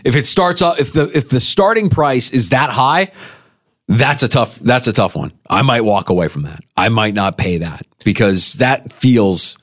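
A man hosting a sports radio show, talking casually and animatedly, his pitch leaping when he makes a point. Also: expressive, moderate pace, fairly bright tone. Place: radio studio.

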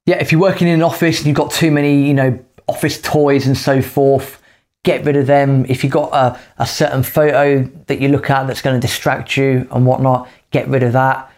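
A man co-hosting a podcast, giving emphatic advice in casual chat with quick bursts of speech. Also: mid-range voice, level tone, a little mellow. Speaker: podcast co-host.

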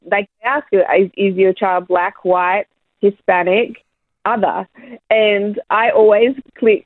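A young Australian woman talking down a tinny phone line into a dry radio studio, her pitch sitting in an ordinary middle range. She speaks candidly and with a cheeky streak, laughing easily as she answers. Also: no room sound. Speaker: guest, church planter. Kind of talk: radio interview.

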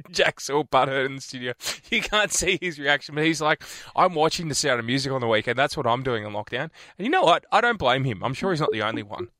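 Lively bright-voiced man co-host. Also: medium pitch, fairly quick, no echo, clean studio sound. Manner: teasing, jokey. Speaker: radio co-host. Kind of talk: casual on-air banter.

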